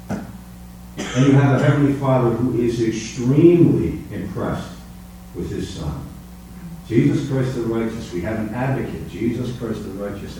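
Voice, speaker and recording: A male preacher delivering a sermon, with his voice ringing through a very echoey space. He sits back from the microphone, and a faint hum runs underneath. He swings between quiet reflection and soaring emphasis. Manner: swings from soft, low musings to high, emphatic preaching. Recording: echoey room, distant mic.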